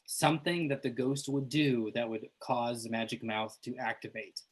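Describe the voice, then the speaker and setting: A woman running a tabletop game as game master, halting and amused as she thinks aloud. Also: extremely low pitch, fairly even intonation, slightly rough.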